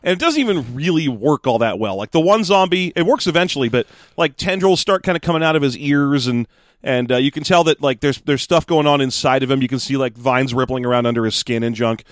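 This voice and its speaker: A man co-hosting a podcast in relaxed, rambling casual chat. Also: mid-range voice, fairly quick, no echo, studio quality. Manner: relaxed, rambling, with fillers and restarts. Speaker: podcast co-host.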